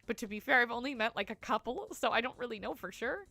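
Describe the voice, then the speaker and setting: Casual woman streamer, bright tense tone, dry close sound, rambly and giggly, lots of "like". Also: fairly high pitch, expressive, fast talker, gravelly, no echo. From Canada. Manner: chatty, rambling, full of "like" fillers, laughs often. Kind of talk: casual gameplay commentary, chatting with viewers.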